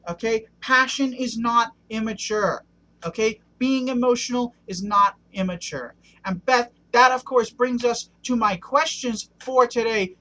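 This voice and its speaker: A man's voice: extremely high pitch, pushed and bright, low-quality recording. A man ranting passionately in a one-take video monologue, punctuating points with a questioning "okay?". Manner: passionate, keeps asking "okay?". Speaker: vlogger.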